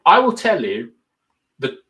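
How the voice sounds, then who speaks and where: A man's voice: fairly high pitch, wildly swooping pitch, measured pace, sharp tone. A young man co-hosting a casual football podcast, explaining tactics at length and thinking aloud with lots of fillers. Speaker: podcast co-host.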